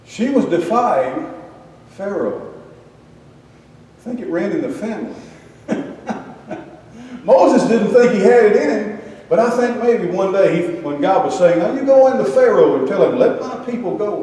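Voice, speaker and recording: A man's voice: sits high, sing-song, unhurried, long pauses, dark tone, a little hiss or hum. An older man giving a folksy sermon, telling a Bible story with humorous asides. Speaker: preacher. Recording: echoey hall, distant mic.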